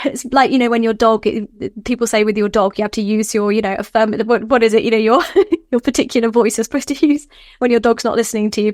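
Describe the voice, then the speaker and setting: A woman scholar, a podcast guest, explaining in an animated way, laughing often and acting out quotes. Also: a little high, fast, dry recording, clean studio sound. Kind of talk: podcast interview.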